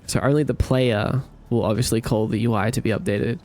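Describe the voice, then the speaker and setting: A man's voice: mid-range voice, fairly quick, soft background music. A man live-streaming while he codes a game, chatting casually with viewers, sleepy, rambling and thinking aloud. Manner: relaxed, rambling, thinks aloud, hums to himself.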